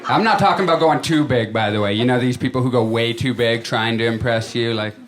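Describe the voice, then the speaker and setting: A man's voice: mid-range voice, a little fast. Male stand-up comic, laughing crowd. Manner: conversational storytelling with acted-out quotes. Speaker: stand-up comedian. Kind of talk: stand-up comedy set. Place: comedy stage before a live audience. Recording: live audience laughter.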